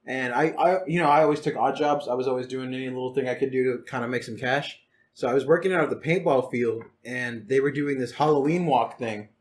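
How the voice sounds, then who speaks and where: An easygoing young man in his twenties, with a mid-pitched voice, tells a story on a podcast. His delivery is relaxed and casual. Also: fast talker, a little hiss or hum. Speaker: podcast co-host.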